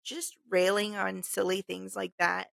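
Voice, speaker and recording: A woman co-hosting a casual late-night podcast, chatty and giggly, guiding listeners through a calming breath. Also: mid-range voice, a little slow, creaky, no room sound, clean studio sound. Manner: giggly, chatty, leads calm breathing exercises. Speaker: podcast co-host.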